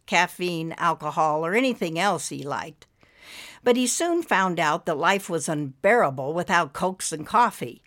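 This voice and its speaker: A woman with a lowish voice reads an audiobook story aloud. Her intonation moves widely as she tells it. She keeps a steady, expressive storytelling pace. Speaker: narrator. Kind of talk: audiobook narration.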